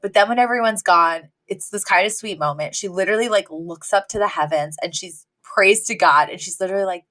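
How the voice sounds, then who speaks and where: A woman's voice: mid-range voice, brisk, few pauses, sharp tone. A young woman co-hosting a podcast, chatting casually and retelling scenes with lots of fillers. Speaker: podcast co-host. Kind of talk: casual recap chat.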